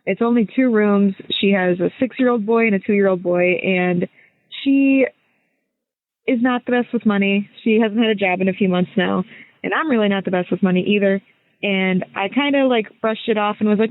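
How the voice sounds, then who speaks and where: A woman's voice: mid-range voice, a little fast, no room sound. Woman, 20s, podcast caller voice memo; rambling, hesitant, tinny phone audio, dry. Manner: rambling, hesitant, self-interrupting. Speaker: listener caller sending a voice message. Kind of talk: casual recorded voice message. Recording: thin phone-line sound.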